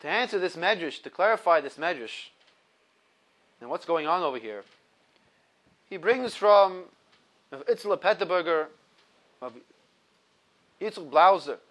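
A man's voice: high-pitched, expressive, a little slow, long pauses, a bit bright, low-quality recording. A man in his thirties teaching a Torah lesson, building up points with emphasis and laughing at his own stories. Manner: storytelling with rising emphasis. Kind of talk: explaining a religious text to a class.

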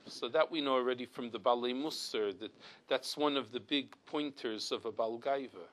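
A middle-aged man leads a weekly religious class, speaking at a steady, mid-range pitch. His delivery is earnest and emphatic, full of restarts and repeated words as he explains each point. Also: moderate pace, rough recording. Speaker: rabbi teaching a class.

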